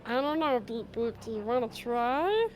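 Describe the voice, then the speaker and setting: Woman voicing a timid female mechanic, stammering, hesitant, high lively voice, clear background music. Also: normal speed, close to an everyday voice.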